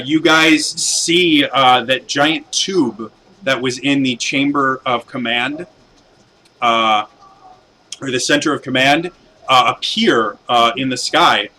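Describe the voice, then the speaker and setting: A man acting as game master who narrates events in a meandering way, stopping often to search for words. His voice sounds bright and forward, at an ordinary pitch. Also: rough recording. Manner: rambling, full of fillers and restarts.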